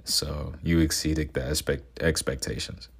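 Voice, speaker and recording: A man's voice: extremely low pitch, fairly even intonation, measured pace, creaky, slightly rough. A twenty-year-old man in casual, reflective talk, earnest and sentimental, rambling with many fillers and restarts.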